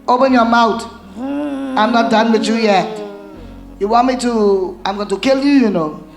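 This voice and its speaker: Woman minister, slow commanding deliverance prayer, echoey church, loud music behind. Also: fairly high pitch, creaky. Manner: commanding, shouts orders at demons. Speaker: prophetess leading a deliverance service.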